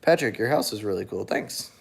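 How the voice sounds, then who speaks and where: A young man hosts a casual livestream and answers viewers' comments as they come in. He talks in a relaxed, rambling way, full of fillers, false starts and self-corrections. At times a small child cries somewhere in the home behind him. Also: lowish voice, a little fast, creaky, husky. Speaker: livestream host reading chat. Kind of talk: casual chat. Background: a small child crying at times.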